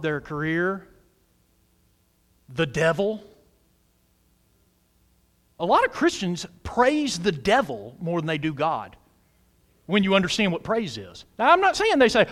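A man preaching a sermon as pastor of a church, loud and emphatic, using humor and questions to the congregation. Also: sing-song, slow, pauses often. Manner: loud, emphatic preaching with big pitch swings. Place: church sanctuary.

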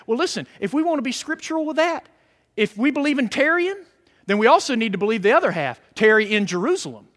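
A male preacher delivering a sermon in a strikingly high, bright voice. His pitch swings widely as he builds from steady teaching to fervent, shouted emphasis. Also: fast talker, big-room sound. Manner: fervent, rising to shouts on key words.

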